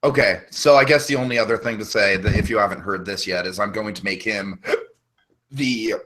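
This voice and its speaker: A man's voice: fairly low pitch, fairly quick, bright, forceful tone, low-quality recording. A man hosting a podcast, chatting casually and enthusiastically, rambling with frequent restarts. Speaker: podcast host. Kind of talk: casual chat.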